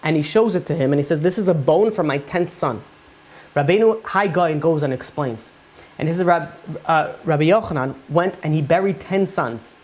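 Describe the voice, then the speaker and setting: A man's voice: high voice, darkish tone. A man, a rabbi, teaching a Torah class, retelling Talmud stories in a casual, conversational way with frequent fillers. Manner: casual and conversational, many fillers like "you know".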